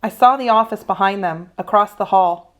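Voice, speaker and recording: A woman teacher reads a children's novel aloud to a class. Her voice is mid-pitched and steady. She tells the story expressively. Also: moderate pace. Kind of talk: children's read-aloud narration.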